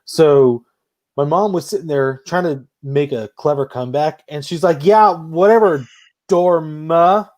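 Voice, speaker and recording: A man's voice: a little high, normal speed, dry recording. A man hosting a casual podcast chat, telling funny stories with lots of laughter and swearing. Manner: animated storyteller, swears and laughs often. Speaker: podcast host.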